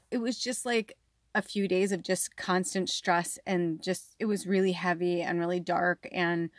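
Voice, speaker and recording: A woman's voice: mid-range voice, no echo, clean studio sound. A woman speaking as a psychic medium in an emotional personal vlog, sounding worn out and distraught, swearing often and filling her talk with "like". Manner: frequent swearing and filler 'like'. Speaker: psychic medium and card reader.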